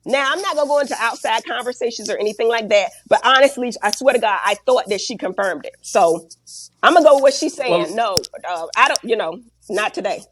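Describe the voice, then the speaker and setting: Her voice a little high and a little fast with lively intonation, a woman in her forties gives a candid interview as a guest, telling her story bluntly and animatedly with slang and profanity while close to tears. A little hiss or hum sits in the recording.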